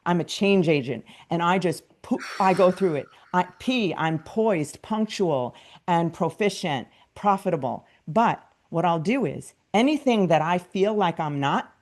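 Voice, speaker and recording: A woman from New York hosting a podcast, speaking earnestly in casual conversation and softly reciting self-affirmations. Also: fairly low pitch, lively intonation, measured pace, hardly any pauses. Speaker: podcast host.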